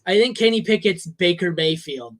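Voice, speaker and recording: A man's voice: high voice, lively intonation, normal speed, a bit bright. A man hosting a fantasy football podcast, jokey and friendly, leading the casual chat. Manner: friendly, jokey, runs the show. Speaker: podcast host.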